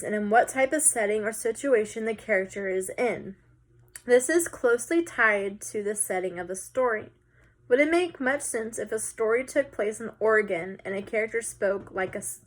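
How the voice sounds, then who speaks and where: A woman teacher talks students through a recorded lesson. She keeps it casual and chatty, with some filler words. Her voice sits at an average pitch.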